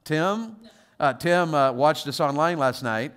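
A man preaching a sermon as a guest pastor, telling stories with quoted voices and moving from quiet asides to loud exhortation. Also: fairly high pitch, animated, unhurried.

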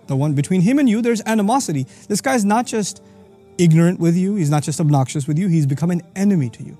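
A man teaching on scripture in an energetic explanatory talk, reciting verses quickly and then explaining them. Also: high-pitched, slightly rough, soft background music. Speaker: Quran teacher.

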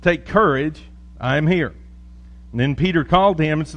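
Male pastor preaching, kinda high voice, folksy and jokey, tells stories and reads scripture. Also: normal speed, a bit bright, highs cut off. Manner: folksy, joking storyteller. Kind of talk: sermon with scripture reading and prayer.

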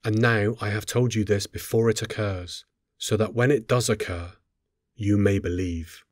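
Low-voiced man reading scripture solemnly. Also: fairly even intonation, moderate pace, no room sound, studio quality. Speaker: scripture reader.

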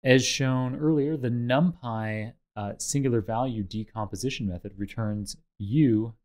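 A man teaching a tutorial, explaining step by step in a measured way over slides and a code demo. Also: mid-range voice, a little mellow. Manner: measured, explanatory, with occasional fillers. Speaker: instructor.

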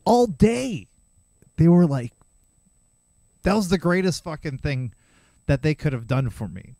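A man's voice: fairly high pitch, expressive, normal speed, mellow, no echo. A man in his thirties hosting a solo podcast, telling a rambling, heavily profane story from his youth with self-mocking asides. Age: 30s. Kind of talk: casual storytelling monologue.

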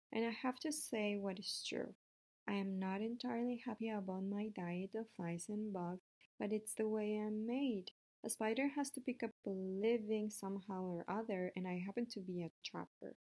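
A woman voicing a calm, clever female spider in a storybook read-aloud, matter-of-fact and measured. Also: medium pitch, natural voice.

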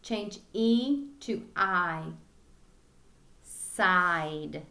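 A woman teaching a kindergarten phonics lesson, drawing words out slowly and enunciating each sound clearly for young children. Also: on the low side, sharp tone, a little hiss or hum. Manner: slow, drawn-out, clearly enunciated word drills.

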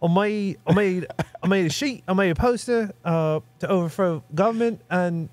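A man voicing a gentle, dim male rock creature who talks in a soft, cheerfully naive way, pitched above his own voice. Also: normal speed, no room sound, lightly acted.

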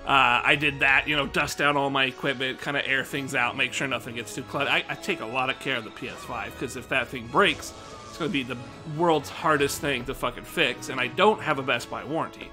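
A man's voice: mid-range voice, steady tone, fairly quick, pushed and bright, soft background music. A young American man streaming live, chatting casually and rambling about his day, swearing freely and a little out of breath. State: slightly out of breath. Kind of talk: casual rambling chat to viewers.

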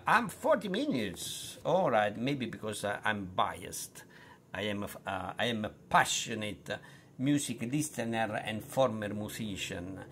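Slow Italian-accented man teaching vowels. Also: on the low side, very animated, a bit bright, a little hiss or hum. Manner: unhurried, full of fillers and restarts. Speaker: language tutor. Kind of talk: teaching pronunciation.

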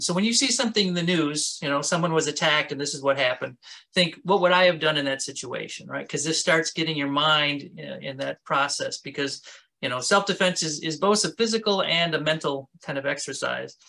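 A man's voice: on the high side, creaky, pushed and bright. A man teaching a self-defense workshop in a casual, conversational way. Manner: casual, conversational, talks with his hands. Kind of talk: instructional talk.

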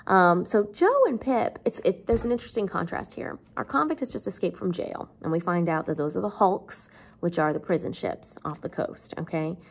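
Woman English teacher walking through a novel, chatty and wry, low voice with gravelly fry. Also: expressive, normal speed. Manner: chatty, wry, conversational with fillers. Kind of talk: explaining a novel.

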